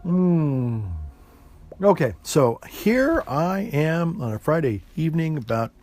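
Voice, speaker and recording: A man's voice: fairly high pitch, big pitch swings, takes it slowly, darkish tone. A man in easy, folksy chat, rambling along with plenty of ums and restarts and tossing in the odd "y'all". He is outdoors on an evening breeze, talking to a camera mic, with faint classical music behind him. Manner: rambling, many fillers and restarts. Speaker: pipe-smoking vlogger. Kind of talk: relaxed casual chat to camera. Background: classical music playing faintly.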